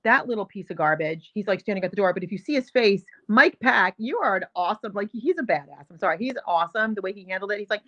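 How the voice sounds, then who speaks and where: A woman's voice: medium pitch, expressive, fast, few pauses, a bit bright. Indignant woman ranting over a dull line. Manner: indignant, emphatic, repeats herself. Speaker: show host. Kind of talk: heated commentary on video clips.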